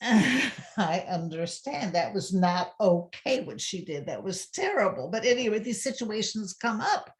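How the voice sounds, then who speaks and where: A woman's voice: mid-range voice, sing-song, measured pace, few pauses. A woman on a parenting webinar, earnestly recounting her own experience and reassuring parents. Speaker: parenting educator on a webinar panel. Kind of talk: conversational webinar talk.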